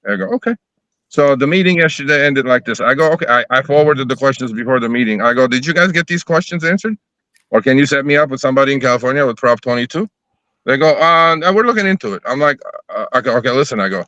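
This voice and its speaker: A man's voice: mid-range voice, fast, a bit bright, no room sound, highs cut off. A man telling a story in casual chat on a live stream, swearing freely and acting out both sides of the conversation.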